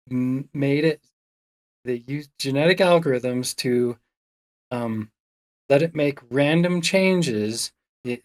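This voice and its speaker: A man on a podcast explaining hardware in casual chat, slow and thoughtful with many ums. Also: mid-range voice.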